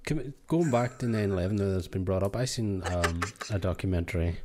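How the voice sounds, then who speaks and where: A man chatting on a podcast, his voice very low. He rambles, hesitates and searches for words as he tells a story. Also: fairly quick, background noise. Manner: rambling, hesitant, laughs often. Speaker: podcast co-host. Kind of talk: casual chat.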